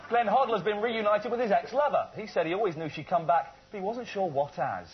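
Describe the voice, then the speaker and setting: A man presenting satirical news, delivering jokes in a deadpan style. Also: high voice, brisk. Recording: dull TV audio with audience noise.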